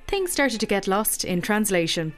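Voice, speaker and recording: A woman reporter narrating a radio report with smooth, even delivery. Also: medium pitch, normal speed, soft background music.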